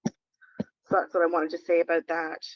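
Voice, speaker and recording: A woman's voice: fairly low pitch, completely flat delivery, normal speed, no echo. A woman defence lawyer teaching in a webinar, talking in a direct, conversational way and leaning on key words, heard through a phone. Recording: dull lo-fi phone audio.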